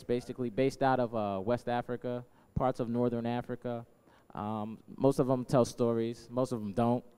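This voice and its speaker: Energetic male musician leading audience chants; smooth voice, long hall reverb. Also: mid-range voice. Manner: energetic, hyping up the crowd. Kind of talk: call and response with a crowd.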